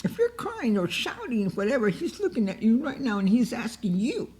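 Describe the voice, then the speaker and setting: Mellow-voiced woman teaching the Bible. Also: fairly high pitch, big pitch swings, normal speed. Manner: emotive and repetitive, often acts out cries to God.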